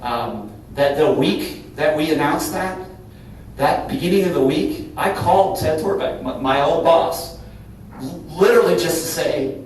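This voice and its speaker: A middle-aged man from Cincinnati, Ohio, a company CEO, speaks candidly to a live audience at a business breakfast in a large event room. His voice is a little high and unhurried, and his earnest, conversational delivery keeps tagging "right?" The recording comes from far off in a very echoey hall with a faint hum, and the audience laughs now and then.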